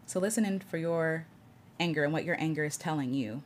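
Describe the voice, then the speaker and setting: A woman hosting a livestream, greeting viewers and slowly guiding breathing and spoken affirmations in an earnest tone. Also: deep voice, slight background noise. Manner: greets chat viewers by name. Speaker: livestream host. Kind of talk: guided reflection livestream.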